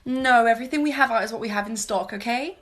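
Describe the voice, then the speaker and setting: Lady acting as a snippy shop clerk, kinda high. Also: fast, fairly bright tone, close to an everyday voice. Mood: curt. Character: curt dismissive female shop clerk.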